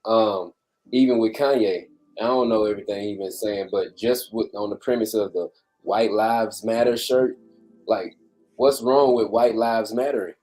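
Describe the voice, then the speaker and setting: A man with a low, mellow voice co-hosts a podcast. He speaks in a measured, thoughtful way with hesitant pauses, and soft music runs faintly behind him. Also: steady tone. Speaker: podcast co-host. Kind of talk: casual chat.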